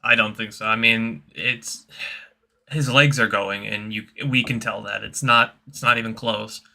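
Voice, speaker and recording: A man's voice: on the low side, steady tone, unhurried, creaky, bright, forceful tone. A man on a fan stream, giving blunt, matter-of-fact opinions in casual chat.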